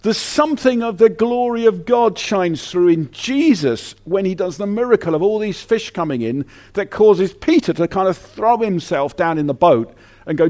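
A man preaching a sermon in an animated, conversational way, often restarting his sentences. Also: high-pitched, moderate pace.

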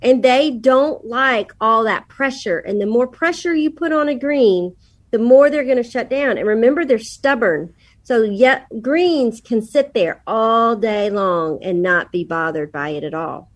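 A middle-aged woman on a podcast talks through parenting advice in an easy, chatty way. She often slips into her children's voices as she tells stories, and her voice sits a little high. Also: lively intonation, unhurried. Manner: storytelling, quotes her kids. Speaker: podcast guest, parenting speaker. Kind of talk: casual advice talk.

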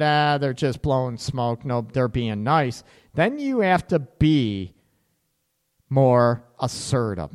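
A man hosting a relationship advice radio show, talking in an animated, sarcastic way and acting out quoted partners. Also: medium pitch, long reverb tail. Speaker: radio show host and counselor.

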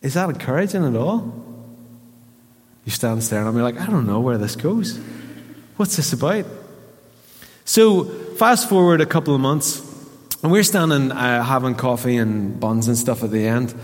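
A Northern Irish pastor preaching a sermon, medium-pitched, acting out the voices of the people in his story. His voice rings with the long reverb of a church hall. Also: moderate pace, pauses often. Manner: storytelling, animated quoting of voices.

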